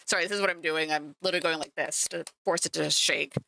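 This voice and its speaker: Bright, chatty woman streaming. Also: sits low, fairly even intonation, fast, creaky. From Canada. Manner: chatty and self-mocking, talking to chat while working. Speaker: streamer painting miniatures. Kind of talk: casual livestream chat.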